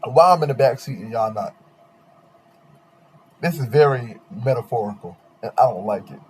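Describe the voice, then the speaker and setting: A young man hosting a podcast, telling a long dating story in slangy, animated casual chat with quoted voices. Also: mid-range voice, normal speed, husky. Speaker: podcast host.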